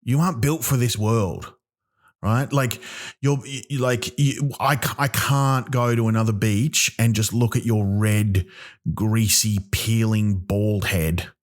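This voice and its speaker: A man's voice: lowish voice, steady tone. A man hosting a comedy podcast, ranting in mock outrage, full of ums and restarts. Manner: rambling, halting, with many ums and restarts; mock-outraged, exaggerating for laughs. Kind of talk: comic rant.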